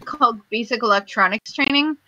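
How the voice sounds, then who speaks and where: A woman's voice: on the high side, brisk, pushed and bright, muffled recording. A woman guest in a casual voice chat, patiently explaining things step by step.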